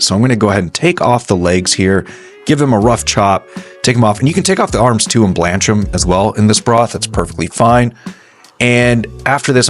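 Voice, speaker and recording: Chatty man walking viewers through a recipe. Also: lowish voice. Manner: chatty and reassuring, talks the viewer through each step. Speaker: home cooking video host. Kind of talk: casual cooking tutorial narration.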